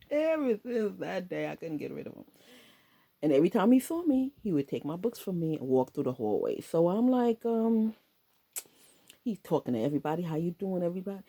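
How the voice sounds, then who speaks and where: A woman's voice: low-pitched, gravelly, breathy edge. A middle-aged woman casually telling a personal story, laughing often and acting out her own past lines. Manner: animated, laughing often, quoting herself.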